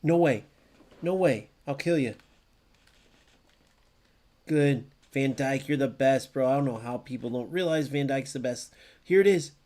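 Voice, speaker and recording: A young man streaming a football video game, reacting loudly to plays, swearing often and answering viewers in chat. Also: medium pitch, unhurried, long pauses. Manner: chats with live viewers by name. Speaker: gaming streamer. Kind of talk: live gameplay commentary.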